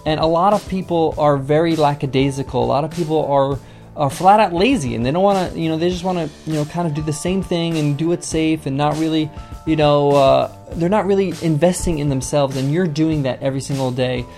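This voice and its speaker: A man's voice: on the high side, a little fast, darkish tone, faint music behind. A man hosting a podcast business lesson, talking conversationally and encouragingly, with frequent fillers. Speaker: podcast host.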